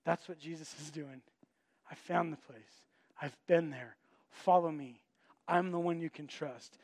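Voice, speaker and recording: Guy preaching, high voice, dry close sound, acts out voices in his stories. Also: a little slow, no room sound. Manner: animated, acts out quoted voices. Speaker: pastor. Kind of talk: sermon with storytelling.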